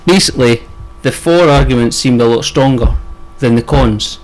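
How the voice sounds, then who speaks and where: A young Scottish man co-hosting a casual podcast, his voice sitting at an ordinary middle pitch. He rambles through his points with plenty of fillers, restarts and offhand swearing. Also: normal speed, low-quality recording. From Scotland. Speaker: podcast co-host. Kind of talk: casual chat.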